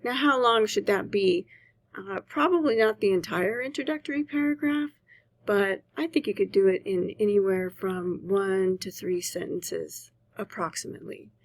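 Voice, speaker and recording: A woman's voice: medium pitch, moderate pace, dry recording. A woman teacher patiently explaining a writing assignment to her students, often checking in with "right?". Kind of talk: recorded class lecture.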